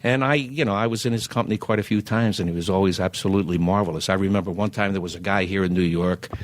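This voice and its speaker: A man, telling lively anecdotes as a podcast guest and acting out the dialogue. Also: low voice, quick pace. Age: 70s. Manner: animated raconteur who acts out quoted dialogue. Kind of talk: anecdotal storytelling.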